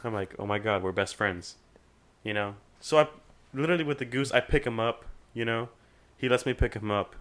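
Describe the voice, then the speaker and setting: A young man telling a long, animated story in casual podcast chat, swearing freely and acting out other people's voices. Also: medium pitch, brisk. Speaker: podcast guest.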